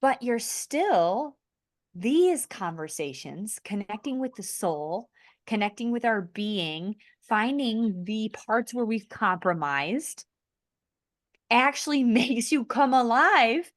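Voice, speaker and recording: Earnest woman, higher voice, dry mic. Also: animated, slow pace, dry recording. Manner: earnest, heartfelt spiritual talk with restarts. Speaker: podcast host. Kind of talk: conversational podcast sharing.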